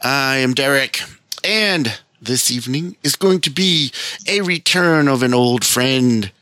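A man in his forties hosting a casual podcast chat, laid-back and quick to laugh. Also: medium pitch, pushed and bright, no echo. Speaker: podcast host.

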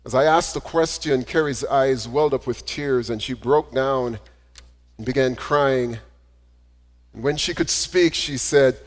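A male preacher giving a sermon, reading a story aloud and then preaching with gentle repetition. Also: medium pitch, measured pace. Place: church sanctuary. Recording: echoey hall reverb.

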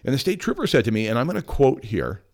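Animated storytelling man in his fifties. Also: medium pitch, fast talker. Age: 50s. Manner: animated, laughing, acting out quotes. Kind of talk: personal storytelling.

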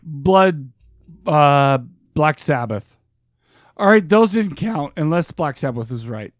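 Man, podcast co-host, teasing and argumentative, lively high voice, dry close mic. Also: slow pace, no echo. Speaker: podcast co-host guessing at trivia. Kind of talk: casual podcast chat.

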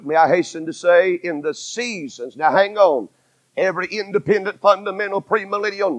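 A man, preaching a sermon that swings from loud cries to hushed tones. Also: high-pitched, expressive, fairly quick, no echo, low-quality recording. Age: 40s.

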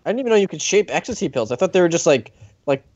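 A podcast co-host with a middle-pitched voice that jumps around a lot, talking bluntly and giggling through the banter. The sound is dry, close and a little dull and lo-fi. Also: sing-song, rapid-fire, darkish tone, no echo. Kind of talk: casual comedic podcast chat.

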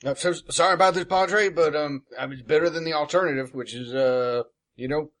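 A man's voice: a little high, brisk, a bit bright. A man role-playing his character in a tabletop game, rambling and joking with the table. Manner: joking, rambling, laughs often. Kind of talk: in-character role-play and casual chat.

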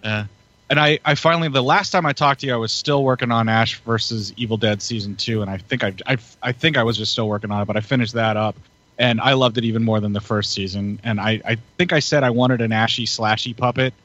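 A man's voice: medium pitch, steady tone, fast talker, fairly bright tone. A man chatting casually as a podcast co-host, hyped up and laughing often. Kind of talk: casual chat. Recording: muffled lo-fi audio.

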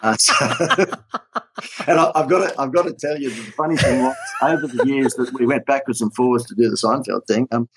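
An Australian man, an advertising consultant, telling lively anecdotes in a casual interview and often laughing. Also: mid-range voice, brisk, a little hiss or hum, poor audio.

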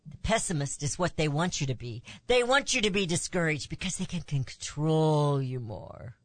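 With lively intonation and a normal speed, the woman hosting this political talk show sounds clean, without echo. She pushes her points hard, her voice climbing on the ones she stresses, and adds asides.

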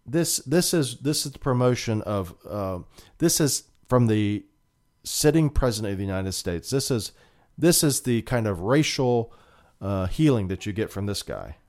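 A man's voice: fairly low pitch, expressive, moderate pace, a little mellow. A man hosting a political talk show, delivering emphatic, indignant commentary and often repeating himself.

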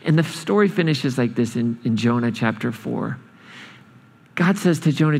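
A man preaching a sermon, storytelling with lively changes of speed and emphasis in a church hall. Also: mid-range voice, gravelly. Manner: animated storytelling, speeding up and slowing down. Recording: long hall reverb.

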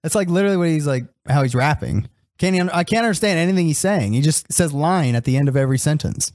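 A young man co-hosts a laid-back podcast, holding his ground with a teasing, defensive edge and frequent laughter. His pitch sits slightly high and moves a lot. The recording is dry and close. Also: expressive, fast, darkish tone, no echo. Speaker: podcast co-host. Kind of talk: casual debate.

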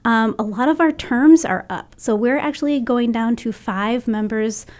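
Slightly high-voiced woman explaining grant figures. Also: normal speed, a little mellow. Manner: explains figures step by step, laughs easily. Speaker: cultural council member, guest. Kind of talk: radio talk show chat.

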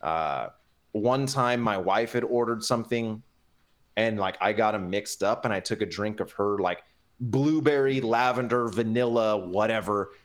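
A man's voice: lowish voice, unhurried. A man talking as a podcast guest in casual chat, with lots of inflection and plenty of fillers. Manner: animated, inflected delivery with many fillers.

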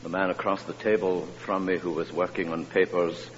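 A man preaching a sermon with impassioned delivery that rises to high, emphatic peaks. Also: level tone, moderate pace. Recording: dull reverberant church recording with faint hum.

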